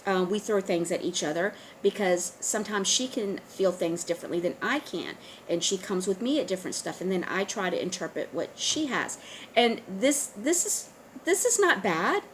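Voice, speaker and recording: A woman talking straight to her viewers in a casual monologue, earnest and urging, often pausing on fillers and restarting. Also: medium pitch, animated, a little hiss or hum, low-quality recording. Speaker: online video host. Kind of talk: casual direct-to-camera monologue.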